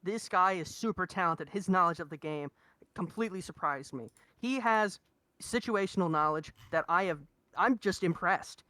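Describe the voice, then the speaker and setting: A man's voice: high-pitched, moderate pace, bright, forceful tone, no room sound. A young man co-commentating a live esports draft, enthusiastic and analytical, weighing picks with rhetorical questions.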